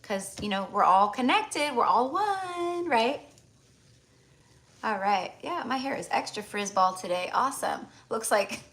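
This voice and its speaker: A woman's voice: mid-range voice, a little slow, a bit bright. Chatty woman giving a live tarot reading. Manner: chatty, heavy use of "like" fillers; affectionate, addresses viewers as "my love". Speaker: tarot reader hosting a live stream. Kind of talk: casual live-stream reading.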